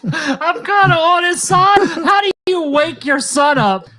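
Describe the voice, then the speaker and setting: A furious Italian mother screams insults at her grown son, as a man puts her on. The voice is very high, bright and shrill. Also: lively intonation, a little slow, heavily acted. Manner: shouting, mock Italian accent.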